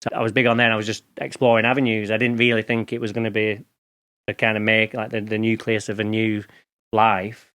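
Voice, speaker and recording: A man's voice: on the low side, little pitch movement, fairly quick, fairly bright tone, smooth. A middle-aged man from England, a guest chatting casually in an interview, telling stories in informal slang. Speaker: podcast guest, lawn care expert.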